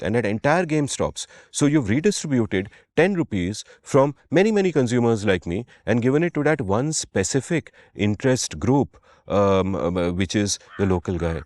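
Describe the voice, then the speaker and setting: A podcast co-host with an Indian English accent explains economics in an emphatic, punchy, conversational style during a casual discussion. His voice is mid-range and darkish, recorded cleanly in a studio with no echo.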